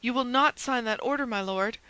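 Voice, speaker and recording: A woman's voice: on the high side, a little fast, pushed and bright, clear, resonant tone, no echo, voice pushed up, poor audio. A woman reading the part of an intense young man who pleads and threatens, her voice raised and urgent. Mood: pleading. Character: fervent young man, stern zealot.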